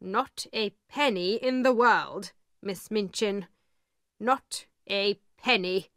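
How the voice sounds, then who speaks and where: A woman doing a blunt, calm lawyer. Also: medium pitch, no room sound, clean studio sound. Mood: matter-of-fact. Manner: measured, matter-of-fact, slow. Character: calm, blunt male lawyer, middle-aged.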